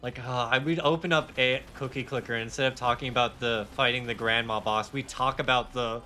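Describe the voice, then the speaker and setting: A man's voice: mid-range voice, fairly even intonation, fairly quick, bright, forceful tone, a little hiss or hum. A young man streaming a game live, talking casually in a heated, rambling rant with swearing and self-mocking asides. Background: faint game music.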